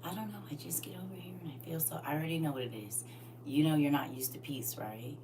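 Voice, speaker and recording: A middle-aged woman preaching through funny stories, chatting directly with the crowd and now and then bursting out loudly. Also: low voice, fast talker. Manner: lively and chatty, teasing the crowd directly, sudden loud outbursts. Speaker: speaker at a live church gathering. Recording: far-off mic with faint hum.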